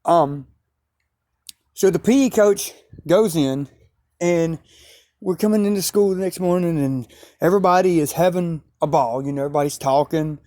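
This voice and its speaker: Give me a man telling a rambling story outdoors at night, into a phone, with a warm, dry sound. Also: on the high side, normal speed, no room sound. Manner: rambling, repetitive, with sudden emphatic rises. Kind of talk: casual storytelling vlog.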